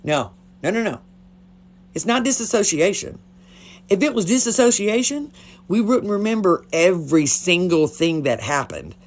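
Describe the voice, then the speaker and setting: A woman's voice: on the low side, big pitch swings, normal speed. A woman talking casually on a phone livestream, blunt and chatty, swearing freely. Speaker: livestream host.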